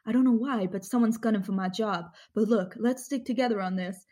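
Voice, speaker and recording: A woman voicing a scheming male department store manager, quoting him in a quick, confiding way. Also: mid-range voice, dark tone, natural voice. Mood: conspiratorial.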